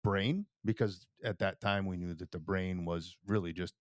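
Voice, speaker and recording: A man's voice: sits low, steady tone, moderate pace, dry recording, clean studio sound. A man co-hosting a podcast, chatting and explaining history at length, often checking in with "right?". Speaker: podcast co-host. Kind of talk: casual chat.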